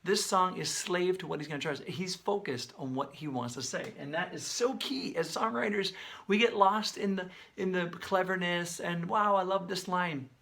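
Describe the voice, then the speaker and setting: Animated man breaking down a song. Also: high-pitched, normal speed, gravelly. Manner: animated, talks with his hands, sings and beatboxes snippets; conversational, many fillers. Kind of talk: casual video commentary.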